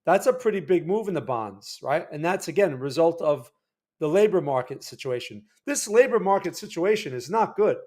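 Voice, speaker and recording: A man's voice: a little high, expressive, normal speed, darkish tone. A man from New Jersey with a New Jersey accent, hosting a casual market-analysis livestream in a loose, conversational way, with many restarts and "right?" check-ins. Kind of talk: casual livestream chart commentary.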